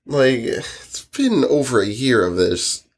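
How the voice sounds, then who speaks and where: A woman's voice: very deep voice, big pitch swings, slow pace, husky. Young woman tossing out dry quips. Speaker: podcast co-host. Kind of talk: casual chat.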